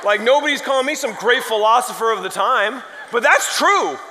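A man preaching a sermon, telling a story in a lively, rambling way and often poking fun at himself. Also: very high voice, normal speed. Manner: animated, rambling and self-mocking. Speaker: pastor. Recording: long hall reverb.

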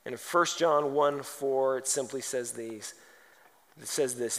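A man's voice: mid-range voice, steady tone, unhurried. A man preaching a sermon, firing off rhetorical questions and telling humorous stories. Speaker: pastor. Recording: long hall reverb.

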